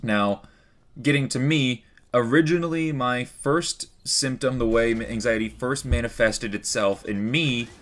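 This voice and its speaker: A man's voice: mid-range voice, a little slow, fairly bright tone. A young man telling a personal story to the camera in a rambling, earnest way, full of "like" and "you know". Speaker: vlogger.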